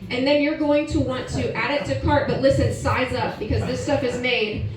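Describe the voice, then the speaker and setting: A woman's voice: sits high, steady tone, moderate pace, loud music behind the voice. A woman in her forties doing a brash, profane stand-up set and chatting with the crowd, recorded live on a comedy club stage. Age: 40s. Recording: roomy live venue, distant mic, audience laughter.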